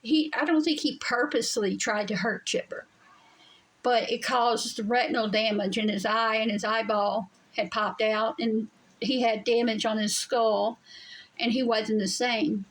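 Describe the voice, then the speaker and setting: A woman's voice: a little high, steady tone, a little slow, poor audio. A woman telling a story to her viewers in a blunt, emphatic way from her home. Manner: blunt, emphatic, swears freely. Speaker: vlogger. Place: home during a storm.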